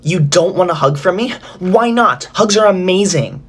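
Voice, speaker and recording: A woman's voice: on the low side, lively intonation, normal speed, breathy edge. A young woman performing a comedy skit to camera in a pushy, entitled and sarcastic way. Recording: loud music under the voice. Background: loud music.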